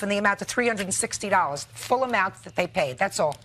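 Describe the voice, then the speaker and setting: A woman's voice: medium pitch, expressive, quick pace, fairly bright tone, a little hiss or hum. An older woman acting as a TV judge, scolding and sarcastic as she rules on a small-claims case. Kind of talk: courtroom TV ruling.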